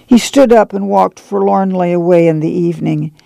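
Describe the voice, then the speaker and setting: A man's voice: high-pitched, moderate pace, creaky, warm tone, no echo. A man reading a novel aloud for radio, telling the story steadily and plainly and giving the characters folksy speech. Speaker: volunteer reader.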